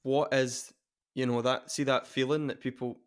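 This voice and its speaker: A man's voice: mid-range voice, little pitch movement, moderate pace, clean tone. A man co-hosting a casual chat on a video call, playful and mock-formal. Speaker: co-host.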